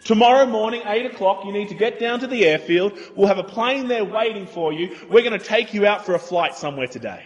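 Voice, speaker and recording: A man's voice: high voice, animated, fairly quick, hardly any pauses, long reverb tail, highs cut off, voice pushed up. A man voicing a pushy, eager male telemarketer in insistent sales patter, heard in a sermon.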